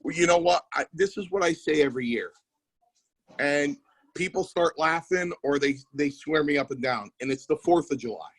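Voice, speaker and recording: A man's voice: on the high side, normal speed, husky, low-quality recording. A man telling wrestling stories in casual podcast chat, acting out the people he quotes. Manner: animated storyteller, acts out quotes. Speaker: wrestling promoter and former wrestler.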